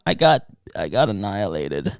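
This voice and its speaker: A man's voice: fairly low pitch, moderate pace, gravelly, clear, resonant tone, no echo, clean studio sound. A man hosting a podcast, telling a story in casual chat, swearing often and acting out both sides of an argument. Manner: profane, animated storytelling that acts out quoted exchanges. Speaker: podcast host.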